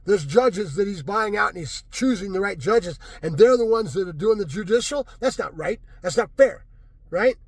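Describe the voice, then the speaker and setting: An agitated man vents in an angry political rant, circling back again and again with "right?". His voice sits high for a man and has a husky edge. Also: animated, normal speed, no room sound. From California. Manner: agitated, repetitive, keeps asking "right?". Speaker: vlogger.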